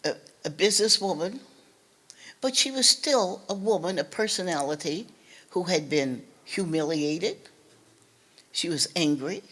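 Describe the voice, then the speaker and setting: An older woman from Nova Scotia speaks in a slightly low voice as a guest speaker. She tells her family story earnestly and haltingly, repeating words and restarting her sentences. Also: animated, fairly bright tone. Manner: earnest, recounts family memories. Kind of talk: personal storytelling talk.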